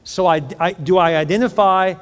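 A man preaching a sermon as pastor, animated and joking, acting out the voices he quotes. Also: sits high, normal speed. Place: church. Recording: long reverb of a church hall.

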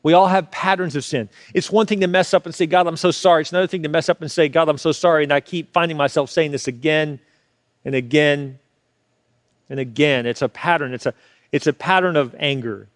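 A man preaching a sermon as a pastor, swinging from loud, urgent pleas to hushed, low asides, often repeating words as he builds. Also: brisk, no room sound, clean studio sound. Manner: repeats words and restarts when fired up.

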